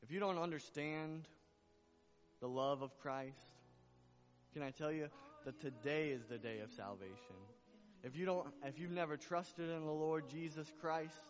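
A man's voice: a little high, a little slow, faint music behind. A man preaching a sermon as pastor, earnest and repetitive, building to emphatic appeals. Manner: earnest preaching, repeats phrases, rising to emphatic calls. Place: church sanctuary. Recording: muffled sound with long hall reverb.

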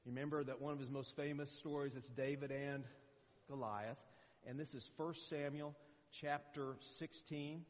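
A man's voice: mid-range voice, fairly even intonation, moderate pace. Older man preaching in an echoey hall. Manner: conversational, rambling with many fillers and restarts. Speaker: guest preacher. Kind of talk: sermon. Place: church hall. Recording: muffled echoey church recording.

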